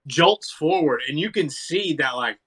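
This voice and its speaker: A man co-hosting a podcast, chatting casually about a wrestling match, relaxed and full of fillers and swearing. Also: fairly high pitch, unhurried, breathy edge. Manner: laid-back, swears freely, lots of likes and ums. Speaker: podcast co-host.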